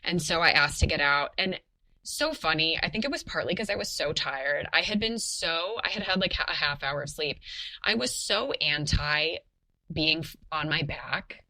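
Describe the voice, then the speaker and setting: A young adult woman in a casual podcast interview, telling a personal story in a chatty, animated way with lots of fillers. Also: sits low, moderate pace, poor audio. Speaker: podcast guest telling her birth story.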